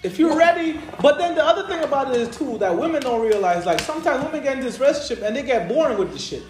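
Podcast co-host, male, blunt storyteller, animated delivery, roomy sound with faint music. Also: very high voice, fast talker. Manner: blunt, crude, laughing storyteller. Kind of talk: casual chat.

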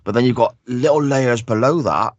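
A man's voice: mid-range voice, normal speed, no echo, lo-fi sound. A man co-hosting a podcast, chatting casually and enthusiastically as he breaks down a wrestling show. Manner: enthusiastic, analytical. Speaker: podcast co-host.

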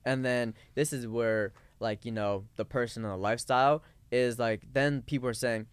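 A man's voice: medium pitch, fairly even intonation, moderate pace, clear, resonant tone, dry recording. A man co-hosting a casual podcast discussion, talking in rambling runs full of fillers and restarts. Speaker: podcast co-host.

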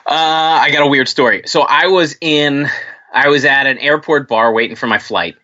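A podcast co-host tells stories in casual chat, animated and swearing as he acts out the voices of the people involved. His male voice is on the high side at a normal speed, and the audio sounds dull.

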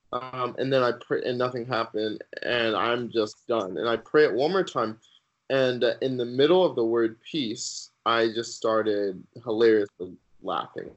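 A man guest on a podcast sharing his personal faith testimony in an earnest, halting way with many fillers. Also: mid-range voice, lo-fi sound.

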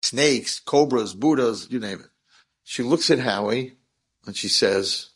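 A middle-aged man, a rabbi, telling an inspirational story in a lively, animated way and acting out the dialogue. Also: unhurried, breathy edge. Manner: animated, acts out dialogue with big pitch swings.

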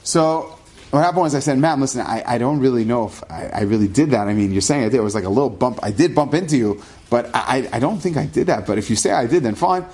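A middle-aged rabbi telling a personal story in a lively way, sprinkling Hebrew terms into his English. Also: medium pitch, fast.

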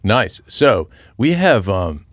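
Earnest middle-aged man, lowish pitch, restarts often; casual faith talk, dry booth sound. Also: big pitch swings, no room sound. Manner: earnest, halting, with many restarts and fillers. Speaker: podcast co-host and Christian father. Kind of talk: casual Bible discussion.

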